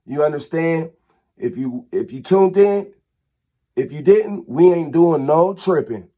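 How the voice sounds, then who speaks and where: A man, his voice sitting fairly high, vents at length in a vlog rant. He scolds and repeats himself, heated and insistent as he talks straight to camera. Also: lively intonation, measured pace, narrow, tinny audio. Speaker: channel host.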